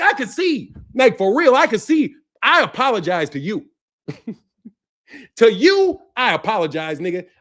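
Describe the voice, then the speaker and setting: A man's voice: very high-pitched, a bit bright. A man hosting his boxing channel, ranting in a profane, mocking way and laughing often. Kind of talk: ranting commentary.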